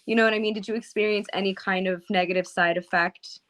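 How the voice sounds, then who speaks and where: A woman's voice: medium pitch, fairly even intonation, fast, fairly bright tone. A woman podcast host asking hesitant, rambling questions full of fillers. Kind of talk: casual interview questions.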